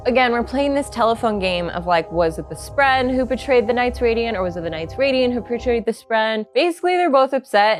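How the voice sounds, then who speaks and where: A woman giving a casual book reaction, chatty and excitable, with lots of fillers. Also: mid-range voice. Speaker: book reviewer.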